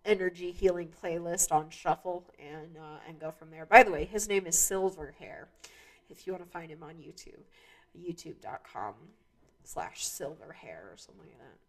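Rambling woman with a lowish voice. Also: normal speed. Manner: rambling, many restarts and fillers, laughs at herself. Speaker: podcast host. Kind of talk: casual monologue.

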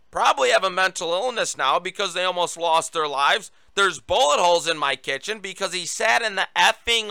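Bright-voiced male political show host. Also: sits high, smooth, no echo. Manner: reads headlines aloud with running asides. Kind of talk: political commentary monologue.

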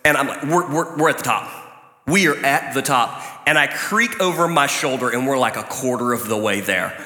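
Male pastor, middle-aged, bright ringing voice, lively storyteller with sudden loud bursts, recorded in a roomy echoing hall. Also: mid-range voice, normal speed. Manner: animated storytelling with loud outbursts. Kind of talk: sermon. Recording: echoey hall, long reverb.

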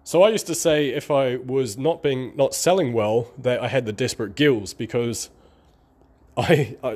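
A man's voice: mid-range voice, a little mellow. A middle-aged man with an accent between Australian and New Zealand and a slight lisp, drawing out his words in a rambling, candid vlog monologue. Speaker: online marketing vlogger. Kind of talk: casual talking-to-camera monologue.

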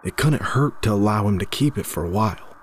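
A man telling a first-person horror story in a measured, somber way, stumbling over a word now and then. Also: fairly low pitch, animated, a little hiss or hum.

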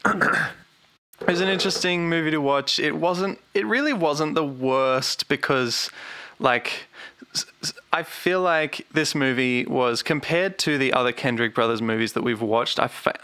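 A man talking casually on a podcast, his voice bright and crisp against a dry, close sound. He rambles a little, stopping and restarting his thoughts as he gives his opinion. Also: on the high side, lively intonation, a little slow, no room sound. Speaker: podcast co-host. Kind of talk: casual chat.

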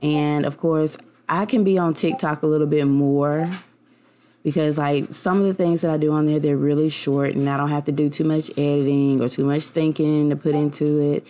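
A young woman runs her own podcast, speaking in a mellow, low-pitched voice with steady tone and moderate pace. The personal monologue is casual, rambling and sincere, with many fillers.

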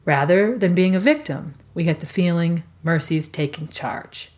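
A woman podcast co-host discussing a book in a measured, thoughtful, analytical way. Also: fairly low pitch, darkish tone. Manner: measured, thoughtful, with some fillers.

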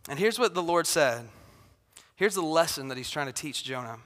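A man preaching in a church sanctuary, his bright, forceful voice ringing through a reverberant hall. He talks in a relaxed, conversational way and acts out quotes with growing intensity. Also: a little high, moderate pace. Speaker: pastor. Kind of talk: sermon.

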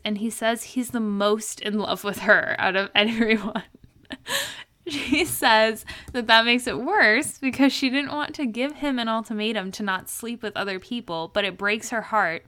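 Bright-voiced young woman recapping excitedly. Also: on the high side. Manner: animated storytelling, quoting people with laughs. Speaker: podcast co-host. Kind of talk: casual recap chat.

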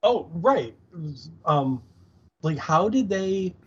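A man's voice: fairly high pitch, very animated, slow, husky. A man co-hosting a casual recap podcast, laid-back, agreeing often and cracking crude jokes. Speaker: podcast co-host. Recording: dull lo-fi sound.

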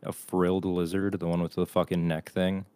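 Young male podcast co-host, very deep and dry, crude teasing. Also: little pitch movement, normal speed, mellow, clean tone, no room sound. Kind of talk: casual chat.

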